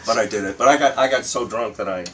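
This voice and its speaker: An older man with a lowish voice tells rambling, profane stories from his years on stage, acting out the people in them. He sits back from the mic, and a faint hiss runs under the talk. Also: quick pace, a bit bright, far from the mic, low-quality recording. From Michigan. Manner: anecdotal, profane, restarts and acts out quotes. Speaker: guest comedian. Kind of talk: casual storytelling chat.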